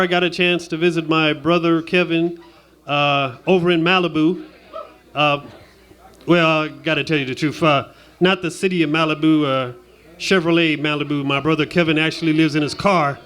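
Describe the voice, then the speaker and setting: A man's voice: on the high side, steady tone, normal speed, a bit bright. A man doing a stand-up comedy set on stage, chatty and self-deprecating, laughing at his own jokes. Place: stage in Las Vegas.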